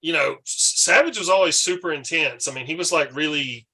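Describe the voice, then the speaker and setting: Animated, bright-voiced man telling a story. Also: a little high, fairly quick, slightly rough. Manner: animated storyteller, swearing freely. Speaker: podcast host. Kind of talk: casual storytelling chat.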